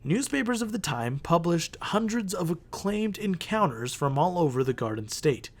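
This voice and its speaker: A man's voice: a little high, sing-song, normal speed. A man hosting a podcast, reading out legends and bantering with casual swearing and frequent laughs. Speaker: podcast host.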